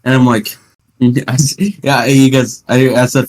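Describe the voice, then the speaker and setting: A teenage podcast host at home, chatting casually and rambling through stories with playful sarcasm. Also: male voice, medium pitch, fairly even intonation, unhurried. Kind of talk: casual chat.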